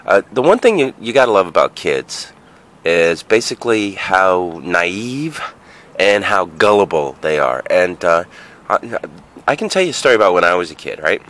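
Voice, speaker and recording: A man's voice: deep voice, very animated, moderate pace, fairly bright tone. A man in his forties telling a childhood story in a rambling, profane way, full of fillers and asides. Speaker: vlogger. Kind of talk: casual storytelling monologue.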